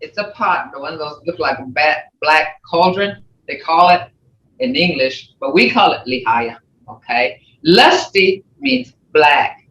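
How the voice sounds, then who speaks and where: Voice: mid-range voice, animated, a bit bright, slight background noise. A language teacher leading an online class, explaining patiently and repeating key points. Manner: slow, repetitive, patient explaining. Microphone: video call. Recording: echoey, distant, muffled video call.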